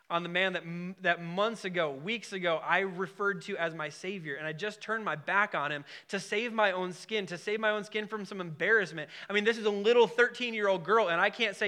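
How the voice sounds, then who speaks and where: A man's voice: high-pitched, brisk, sharp tone. A man preaching a sermon to a congregation in a conversational, emphatic way, with asides and questions to the room. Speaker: pastor.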